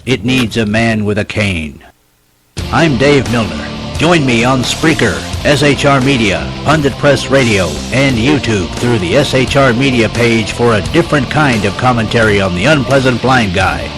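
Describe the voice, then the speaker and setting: A man's voice: medium pitch, expressive, normal speed. A man reading a dramatic, ominous promo for his own radio show. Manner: ominous, declamatory. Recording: promo over music.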